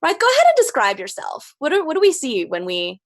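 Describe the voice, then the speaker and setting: A woman narrating as game master of a tabletop game, relaxed and hesitant, with many fillers. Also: sits high, fast.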